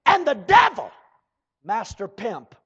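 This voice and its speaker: A preacher man delivers a fiery sermon in a very high, lively, husky voice. He swings between shouted bursts and slow drawled asides, calling out to the congregation. The recording sounds dull and lo-fi.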